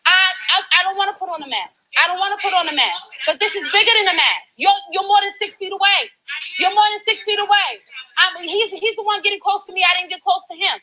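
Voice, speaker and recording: A woman's voice: very high-pitched, bright, forceful tone, rough recording. A woman activist confronting campaign volunteers, passionate and pleading in a preachy way, filmed on a handheld phone. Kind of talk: heated street confrontation.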